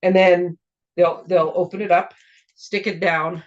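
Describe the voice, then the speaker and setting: Chatty hoarse woman demoing crafts. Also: fairly low pitch, measured pace, pauses often. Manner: chatty, rambling, self-interrupting. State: slightly hoarse, clearing her throat. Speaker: craft demonstrator and show host. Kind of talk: casual card-making demo. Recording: dull lo-fi recording.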